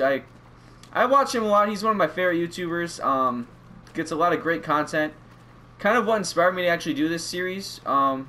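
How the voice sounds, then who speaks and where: Excitable, rambling young gaming commentator. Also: male voice, a little high. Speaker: gaming YouTuber. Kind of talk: let's play commentary.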